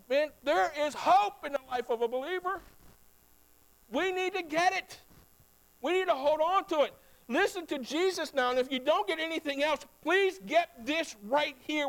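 A man preaching a sermon as pastor, talking straight to his congregation and swinging between low, quiet passages and loud, climbing ones. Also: rough recording. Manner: talks directly to the congregation.

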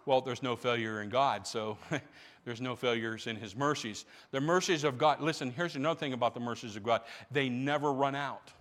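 A male pastor preaching a sermon, animated, stumbling over restarts as he builds his points. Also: medium pitch, moderate pace, in a large hall.

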